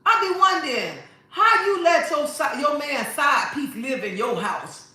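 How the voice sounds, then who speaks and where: A woman's voice: high voice, very animated, measured pace, pushed and bright. A woman hosting a livestream, talking to viewers in a sassy, preachy way and repeating her phrases. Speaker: livestream host. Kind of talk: casual livestream talk to viewers. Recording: very echoey room.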